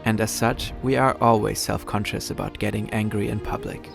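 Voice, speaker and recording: A German man with a German accent reading a scripted explainer in a measured tone. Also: lowish voice, little pitch movement, creaky, soft background music. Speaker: narrator.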